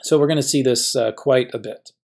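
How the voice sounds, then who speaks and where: A man's voice: medium pitch, fairly quick, creaky, a little mellow. A man teaching a grammar lesson as a professor, patiently walking through each example and asking and answering his own questions.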